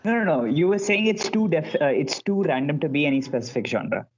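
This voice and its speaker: A man hosting a casual podcast, relaxed, asking quick questions and laughing often. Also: a little high, highs cut off, a little hiss or hum. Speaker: podcast host.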